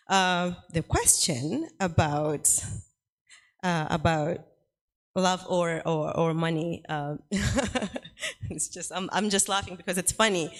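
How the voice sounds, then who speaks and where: A woman's voice: fairly low pitch, a bit bright. A woman writer speaking on a festival panel, candid and easy to laugh. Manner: candid, laughs easily, some fillers. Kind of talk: panel discussion talk. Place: festival hall.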